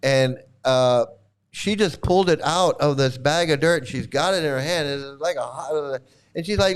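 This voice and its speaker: A man chatting casually and rambling, swearing freely, often laughing and mimicking others in quick asides. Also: a little high, clear, resonant tone. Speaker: streamer answering chat. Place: home in Thailand.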